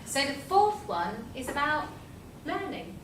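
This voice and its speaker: A female teacher with a high, bright voice co-hosts a school assembly, gentle and encouraging while lightly teasing her colleague. She sounds distant from the mic in an echoey room with faint background noise. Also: big pitch swings, measured pace. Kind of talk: light-hearted assembly presentation.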